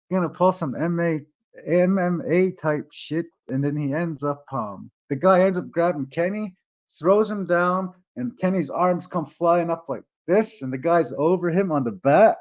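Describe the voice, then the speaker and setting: A man's voice: a little high, normal speed, darkish tone. A man casually telling a long story to his viewers, rambling and swearing, often tagging his lines with "eh". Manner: rambling, profane, tags lines with "eh". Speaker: vlogger. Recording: dull lo-fi sound.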